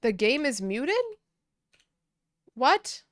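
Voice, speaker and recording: A woman streamer chatting casually with viewers during a game, with loud bursts of exasperation. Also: mid-range voice, a little fast, dry recording, clean studio sound. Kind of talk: casual gaming livestream chat.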